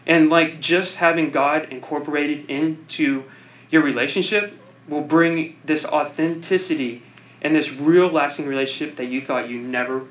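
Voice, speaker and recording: A man's voice: fairly high pitch, fairly even intonation, moderate pace, a bit bright, low-quality recording. A young man giving an informal speech to a group. He rambles, fills his sentences with "like," and laughs at his own jokes. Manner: rambling, self-deprecating, laughs often; heavy use of "like" filler.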